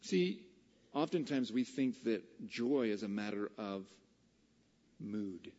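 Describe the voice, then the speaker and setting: A man preaching a casual, conversational Bible study sermon that builds to excited, emphatic peaks. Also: fairly low pitch, takes it slowly, long reverb tail, dull audio.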